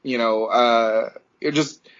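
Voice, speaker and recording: A man's voice: mid-range voice, fairly even intonation, slow pace, a bit bright, dull audio. A podcast producer, a man, chatting casually and talking earnestly and emotionally.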